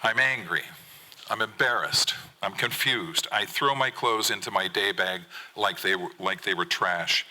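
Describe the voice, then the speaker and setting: Man on stage reading a true story, bright sharp voice, pitched a bit low, earnest. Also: moderate pace, low-quality recording. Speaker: fisherman poet reading his story. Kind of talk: live reading of a personal story. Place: theater stage at a gathering.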